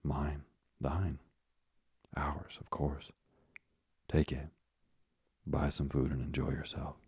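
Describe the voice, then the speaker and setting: A man's voice: very deep voice, little pitch movement, slow, a little mellow, breathy edge, no room sound, clean studio sound, full character voice. Man reading an earnest young sailor. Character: eager, generous young sailor son.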